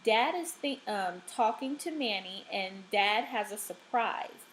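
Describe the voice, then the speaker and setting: A woman teacher giving a recorded reading lesson, speaking deliberately and checking in often with the class. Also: medium pitch, expressive, a bit bright, slight background noise, low-quality recording. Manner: slow, deliberate, checks in with frequent "okay?".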